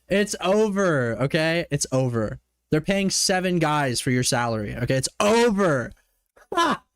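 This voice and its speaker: A man's voice: sits high, no room sound. Male streamer from Canada, casual reaction commentary, profane and mocking, swinging range, dry sound.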